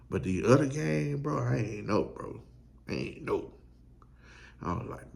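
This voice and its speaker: Man, sports host, gravelly low voice, pumped and preachy. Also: very animated, normal speed, a little mellow, a little hiss or hum. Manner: hyped, preachy fan talk with slang. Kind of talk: fired-up sports talk.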